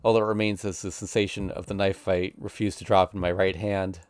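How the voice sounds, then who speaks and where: A man's voice: deep voice, little pitch movement, fairly quick, no echo. A man streaming, reading a visual novel aloud in an intense, emotional first-person narration.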